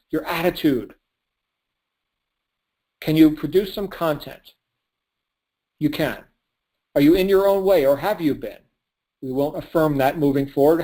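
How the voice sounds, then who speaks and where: Male business coach, slightly high voice, preachy pep-talk delivery on a call. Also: a little mellow, low-quality recording. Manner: emphatic, preachy, laughs at his own points.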